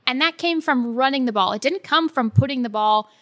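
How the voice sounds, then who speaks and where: A woman co-hosting a casual sports talk show, animated and quick to laugh as she acts out what others say. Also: high voice. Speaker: sports podcast co-host.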